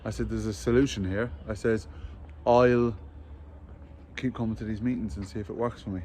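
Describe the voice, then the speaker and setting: A man's voice: fairly low pitch, steady tone, darkish tone, a little hiss or hum. Candid man telling his story. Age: 40s. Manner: open, storytelling, halting restarts. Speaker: interview guest. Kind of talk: candid outdoor interview. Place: outdoors in a hillside village, walking.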